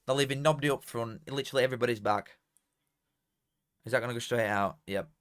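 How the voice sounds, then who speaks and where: A man's voice: mid-range voice, quick pace, smooth, dry recording, clean studio sound. A young man, casually commentating on a live match and bantering with chat. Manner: banter with chat, swings from mutters to shouts. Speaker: watchalong streamer.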